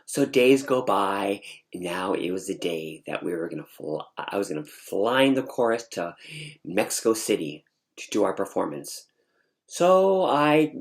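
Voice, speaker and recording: A man vlogger telling a story in a casual, animated way, with frequent restarts and asides. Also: on the low side. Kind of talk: casual storytelling recounting a dream.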